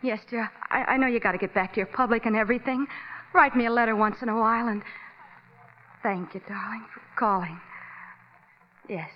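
A woman's voice: a little high, fairly even intonation, quick pace, slight background noise, natural voice. An actress playing a devoted young wife waiting by the phone for her husband, in 1950s radio drama acting. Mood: tender. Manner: anxious, pleading then tender. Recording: dull old radio broadcast.

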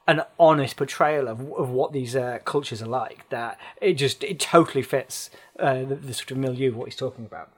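A man's voice: medium pitch, fairly quick, hardly any pauses. Man, podcast guest, thoughtful, hesitant, casual chat.

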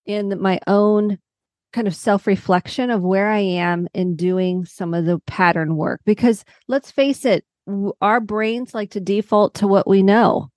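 A woman's voice: medium pitch, measured pace, darkish tone, no echo, studio quality. A woman psychotherapist on a podcast, earnestly walking through examples step by step. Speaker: psychotherapist guest. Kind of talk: podcast interview.

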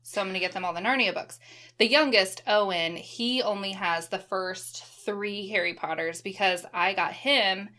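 A woman in her thirties in casual chat, relaxed and enthusiastic, swearing now and then. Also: medium pitch, normal speed.

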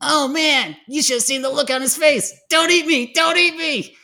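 A man voicing a mocking teenage prankster in a read-aloud fan story, loud and gleeful. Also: extremely high pitch, moderate pace, pitched above the performer's own voice, exaggerated voice.

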